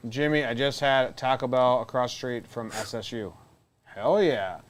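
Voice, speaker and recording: A man's voice: medium pitch, moderate pace. A man co-hosting a baseball podcast, chatting loosely and joking while watching a game. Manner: joking, loose, swears casually. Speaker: podcast co-host. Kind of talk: casual chat watching a game.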